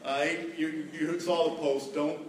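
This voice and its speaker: A middle-aged male pastor preaching in a folksy, joking way, stressing key words by repeating them. His voice sits a little high and carries a heavy echo. It sounds picked up from across the hall, with faint room noise behind it. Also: little pitch movement, a little slow, far from the mic. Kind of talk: sermon on marriage. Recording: echoey hall, voice from afar.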